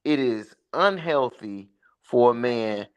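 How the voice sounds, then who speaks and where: A man's voice: medium pitch, animated, takes it slowly, clear, resonant tone, dull audio. Man, insistent, repeats himself, casual panel talk.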